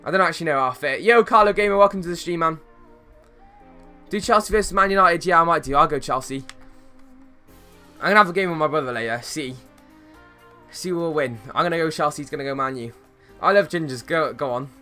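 A young man livestreaming a football video game, talking in a slangy, easygoing way to his chat. His voice sits a little high and comes across bright and forward. Faint music plays behind him. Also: brisk, pauses often. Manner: chatty, slangy, greets viewers, bursts of excitement at plays. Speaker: gaming streamer. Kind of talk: casual live-stream chat while playing.

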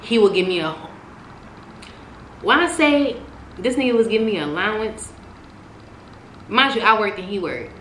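A young woman telling a story about her past in a casual, animated way, cursing and swinging between loud outbursts and hushed asides. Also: medium pitch, normal speed, pauses often. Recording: echoey room with noise.

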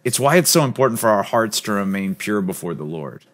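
A man preaching a sermon as pastor, earnest and emphatic, sometimes dropping to a soft, low voice. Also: lively intonation, brisk. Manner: drops to a soft, low voice on key points.

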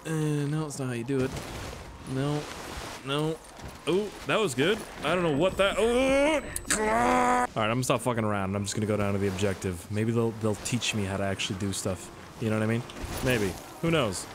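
A man giving excitable, swearing let's-play commentary as a gaming YouTuber. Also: mid-range voice, normal speed, noisy background. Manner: excitable, swears a lot, laughs at own jokes.

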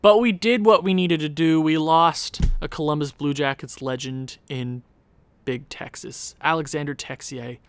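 A man giving casual commentary on a sports video game, animated, talking to himself and often jumping into a high, squeaky voice. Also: unhurried, clear, resonant tone. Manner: animated, jumps into high squeaky voice when excited or pleading; talks to himself, muttering low. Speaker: gaming YouTuber.

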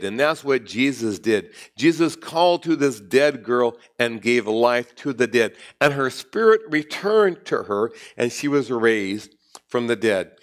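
Animated preaching man. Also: unhurried. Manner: animated preaching with sudden jumps in pitch and volume. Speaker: pastor. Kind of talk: sermon. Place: church.

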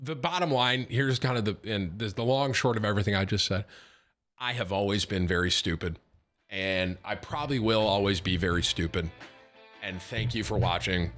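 A man's voice: on the low side, moderate pace, a bit bright. A man streaming and casually telling a story to his viewers, rambling, repeating words and swearing as he mocks himself. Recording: music playing underneath. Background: background music.

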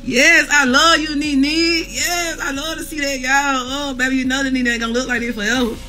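A woman's voice: sits high, fairly even intonation, a little fast, pushed and bright, faint music behind. A woman in pain, streaming live from a hospital room, who talks bluntly with lots of cursing and laughs through her pain while reading viewer comments. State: in pain, near tears. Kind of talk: casual live chat with viewers.

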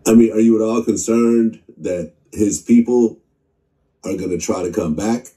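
Measured male interviewer, distant. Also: fairly low pitch, dark tone. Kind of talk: interview questions.

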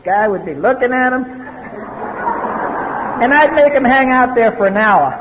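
A man's voice: extremely high pitch, lively intonation, brisk, background noise. A man from the US East Coast giving a personal testimony talk at a recovery meeting, blunt and wry. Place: meeting hall. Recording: dull old cassette tape in a reverberant hall.

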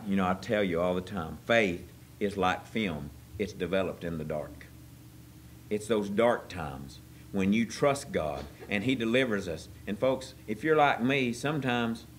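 A man preaching a sermon as pastor, folksy and joking, swinging from quiet asides to loud excited bursts. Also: on the low side, slight background noise. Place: church service.

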